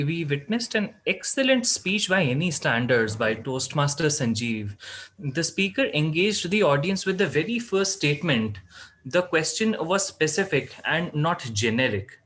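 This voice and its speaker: A man's voice: a little high, a bit bright, poor audio. A man giving a formal, structured evaluation of a speech at an online club meeting. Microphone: video call.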